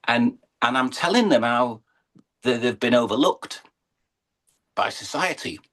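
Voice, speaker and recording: A man's voice: medium pitch, lively intonation, measured pace, a bit bright. A middle-aged English man, a horse and falcon showman, telling his story in an earnest, emotional interview. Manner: earnest, emotional, building to uplifting emphasis.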